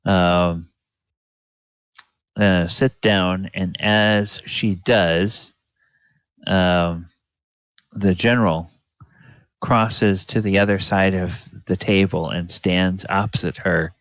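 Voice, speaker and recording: Slow deep-voiced male dungeon master. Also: steady tone, fairly bright tone, no room sound, highs cut off. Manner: halting, many fillers. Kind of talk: narrating a tabletop game.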